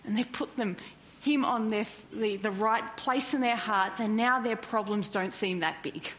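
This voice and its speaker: A woman preaching a sermon in an animated way, swinging from loud to hushed and often laughing. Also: medium pitch, measured pace. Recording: dull lo-fi recording with faint noise.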